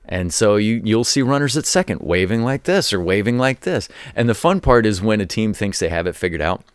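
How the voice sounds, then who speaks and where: A man with a fairly low voice talks through sports stories in a loose, rambling way, often doubling back on his words. His voice sounds dry and close, with no room around it. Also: animated, a little fast, clean tone, dry recording. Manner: rambling, repeats words, acts out quoted voices; former college coach telling anecdotes. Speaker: show host. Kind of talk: casual commentary monologue.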